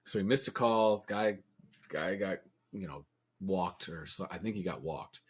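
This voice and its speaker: Guy in his 40s, kinda low voice, cussing and laughing thru a ballpark story on a podcast. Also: a little slow, breathy edge. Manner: swears a lot, laughs while telling stories. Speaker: podcast co-host. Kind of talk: casual chat, storytelling. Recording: live stream podcast.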